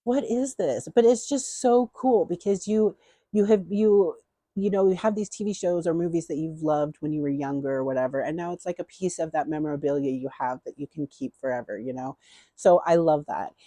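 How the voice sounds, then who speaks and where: A woman's voice: low voice, brisk, dark tone, no echo. A middle-aged woman chatting casually through a beauty haul, rambling and repeating herself with enthusiasm.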